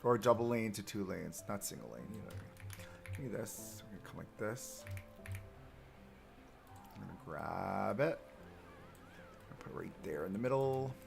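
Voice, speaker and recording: Speaking over music, a male streamer with a fairly low, gravelly voice sounds animated at a normal speed and pauses often. He talks casually to his live chat as he builds in a game, joking about himself.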